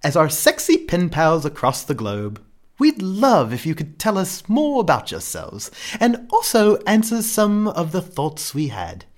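A man's voice: on the high side, huge pitch swings, unhurried, voice pushed up. A man putting on a prim posh British letter writer. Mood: theatrical. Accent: put-on British.

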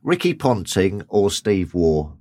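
Slow, playful low-voiced host. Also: male voice, big pitch swings, a little mellow. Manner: playful, teasing. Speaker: podcast co-host. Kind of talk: quick-fire question game. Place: studio.

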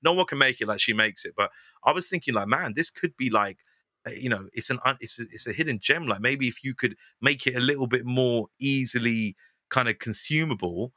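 A young man, chatting casually as a podcast guest, animated and quick, often laughing. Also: mid-range voice, no room sound. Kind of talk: casual chat.

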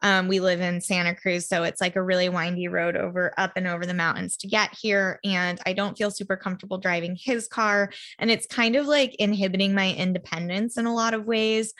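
A woman's voice: medium pitch, steady tone, brisk, few pauses, a bit bright. A woman talking casually and earnestly in a solo podcast monologue, chatty and spiritual, filling her speech with "like". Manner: chatty, heartfelt, spiritual, full of "like" fillers. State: emotional, near tears at times. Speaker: podcast host.

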